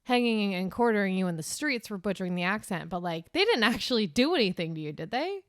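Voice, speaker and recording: A woman's voice: mid-range voice, sing-song, fast talker, no room sound, studio quality. A woman co-hosting a comedy podcast, asking questions and teasing with a straight face in casual chat. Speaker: podcast co-host.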